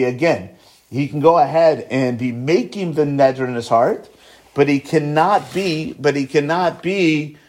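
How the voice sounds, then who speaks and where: Man teaching Talmud, sing-song and lively. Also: a little high. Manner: explains step by step, checks in with "right?" and "okay?"; chants Aramaic phrases slowly, then explains in quick English. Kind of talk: Talmud study lecture.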